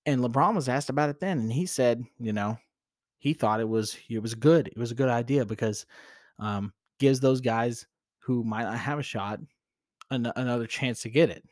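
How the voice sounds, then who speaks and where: A man's voice: mid-range voice, moderate pace, no echo, studio quality. A man hosting a solo sports talk show, rambling and opinionated, with frequent restarts and fillers. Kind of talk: casual solo sports commentary.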